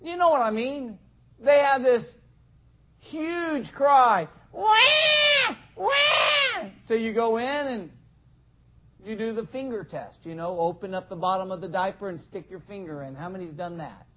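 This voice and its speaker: A man with a voice that sits high preaches at a moderate pace, in a recording with a dull lo-fi sound. His sermon is conversational, asking the congregation questions and acting out little scenes.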